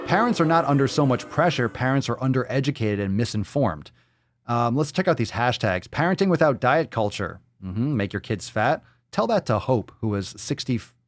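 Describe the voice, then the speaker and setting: A man's voice: medium pitch, no echo, clean studio sound. Profane ranting male show host. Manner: hypes the audience with shouted calls. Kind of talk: live-stream rant.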